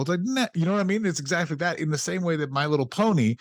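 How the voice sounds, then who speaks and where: A man's voice: a little high, animated, rapid-fire, few pauses, dry recording. Profane, sarcastic podcast co-host man. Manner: profane, sarcastic riffing with mock-quoted voices. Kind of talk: casual comedic podcast chat.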